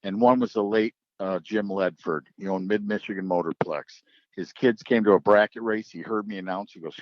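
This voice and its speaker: Lively low-voiced man, announcer. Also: brisk, no room sound, lo-fi sound. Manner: animated storyteller acting out quoted voices. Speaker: drag racing track announcer. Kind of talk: casual podcast storytelling.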